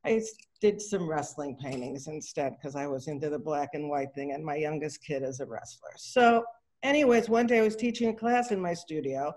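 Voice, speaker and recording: A middle-aged woman, an artist giving a talk, tells a casual anecdote over a video call, chatty and loose, slipping into the voices of people in her story with many ums and restarts. Her voice is deep and darkish, lively in intonation, at normal speed.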